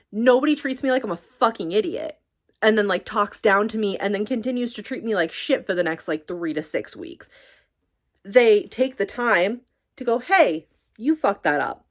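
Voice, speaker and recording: A young woman talking casually in a rambling, animated way, swearing often and acting out conversations. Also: on the high side, normal speed. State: tearful. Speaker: streamer talking about her library job. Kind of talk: casual chat.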